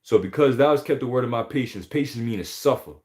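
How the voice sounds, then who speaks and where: A man giving an informal scripture teaching, emphatic and profane, often pausing to ask "all right?". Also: mid-range voice, darkish tone. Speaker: religious teacher.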